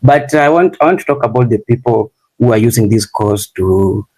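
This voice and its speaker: A man moderating an online discussion, speaking in a measured, hesitant way with many fillers. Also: mid-range voice, expressive, a little mellow, low-quality recording.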